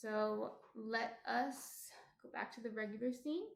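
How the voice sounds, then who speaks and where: A woman's voice: fairly high pitch, fairly even intonation, unhurried, vocal fry. A woman with a New Jersey accent chatting casually with her live-stream viewers as she bakes at home, often trailing off with ums. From New Jersey, USA. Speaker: baking streamer. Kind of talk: casual live-stream chat while baking. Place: home indoors near kitchen. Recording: roomy echo.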